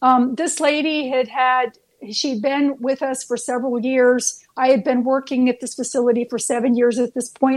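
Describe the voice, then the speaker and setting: A nurse, a woman, earnestly telling heartfelt stories as a guest, with frequent fillers and restarts. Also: high voice. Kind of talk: storytelling guest on a talk show.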